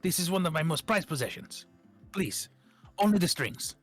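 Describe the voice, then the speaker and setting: A man's voice: a little high, lively intonation, moderate pace, faint music behind. A man voicing a flamboyant male bard in a tabletop game, speaking in a theatrical, grandiose way.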